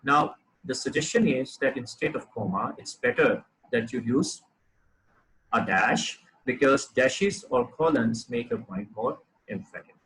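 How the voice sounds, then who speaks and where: A man teaching a lesson on clear writing, explaining examples step by step with frequent fillers and restarts. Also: mid-range voice, unhurried, a bit bright, slight background noise, low-quality recording. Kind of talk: lecture on writing.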